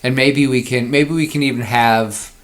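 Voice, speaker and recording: A man's voice: medium pitch, normal speed. A man co-hosting a podcast, casually brainstorming a story and acting out its scenes. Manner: animated, acts out scenes. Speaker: podcast co-host.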